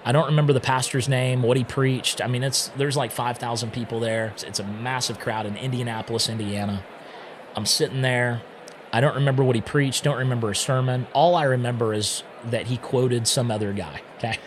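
A man who is a podcast guest, telling his own story in a casual, animated way and often acting out what he once said. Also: mid-range voice, fairly quick, noisy background.

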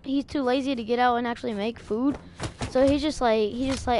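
A woman streaming a video game at home, talking casually and excitably, trash-talking her opponent with frequent loud outbursts. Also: sits high, brisk, noisy background. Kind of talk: casual live-stream commentary while gaming. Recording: background music over voice. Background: music playing.

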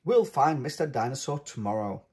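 A man reading a storybook aloud and voicing a calm mother pig who speaks in a gentle, reassuring way. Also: medium pitch, normal speed, husky.

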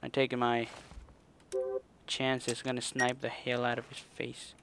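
A man's voice: mid-range voice, completely flat delivery, measured pace, gravelly, background noise. A man commenting on his own gameplay, muttering and cursing at the game in frustration. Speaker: gaming channel host. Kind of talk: let's play commentary.

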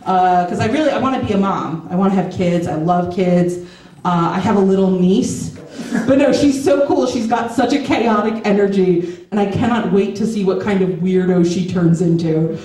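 In the back room of a skate shop, a woman in her thirties hosts and performs a chatty, self-deprecating stand-up set for a live audience. Her voice is mellow and medium-pitched, her pace moderate. The room echoes, and the mic is far away.

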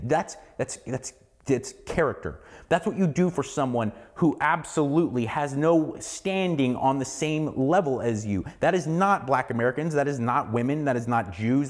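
A man's voice: medium pitch, darkish tone. A man in his forties hosting a solo podcast, ranting heatedly with lots of swearing and repeated words. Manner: heated, profane, repeats words when worked up. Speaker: podcast host.

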